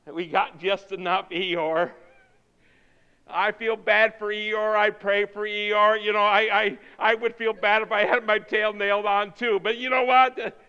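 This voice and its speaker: A man in his fifties preaching a sermon, swinging from loud whoops to near whispers. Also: high-pitched, little pitch movement, moderate pace, hardly any pauses, smooth, highs cut off. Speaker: pastor. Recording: reverberant hall sound.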